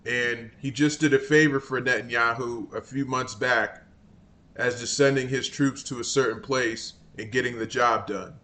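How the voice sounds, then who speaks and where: A man's voice: medium pitch, steady tone, normal speed, bright, forceful tone. A man hosting political commentary, ranting in an exasperated, scornful and rambling way.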